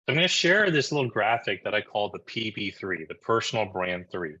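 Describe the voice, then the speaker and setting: A man from New Jersey leads a live online marketing session in a bright, forceful voice. He talks in an energetic, conversational way and keeps tossing "right?" to his listeners. The video call audio sounds a little dull and lo-fi. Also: fairly low pitch, fairly quick, slightly rough. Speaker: marketing coach presenting a webinar.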